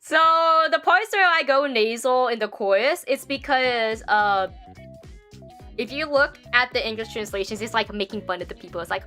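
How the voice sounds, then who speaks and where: A young woman chats on a livestream in a bright, lively voice that swings widely in pitch. She rambles through her thoughts, stacking fillers and breaking into frequent giggles. Faint music plays underneath. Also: normal speed. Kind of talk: casual stream chat.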